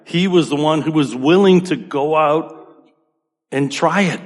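A man's voice: a little high, a little slow, big-room sound. A man with a Boston accent preaching a sermon in a loose, conversational way, often checking in with "you know" and "right". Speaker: pastor.

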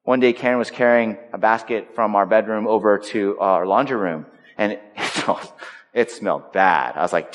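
A pastor preaching a sermon to his church, animated and dramatic, swinging between loud exclamations and slow, quiet lines. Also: fairly low pitch. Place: church sanctuary. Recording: long reverb of a large hall.

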